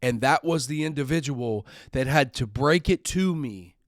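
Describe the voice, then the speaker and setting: A man's voice: medium pitch, lively intonation, moderate pace, no room sound, clean studio sound. A middle-aged man hosting a podcast, telling a personal story in an earnest, emotional way and sometimes repeating words when upset. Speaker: podcast host.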